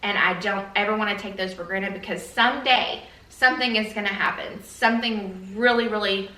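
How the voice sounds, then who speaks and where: A woman's voice: medium pitch, a little fast, pushed and bright, echoey room, recorded from a distance, rough recording. A woman vlogger chatting earnestly to camera, rambling with fillers and a little emotional. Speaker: beauty vlogger. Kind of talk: casual chat to camera.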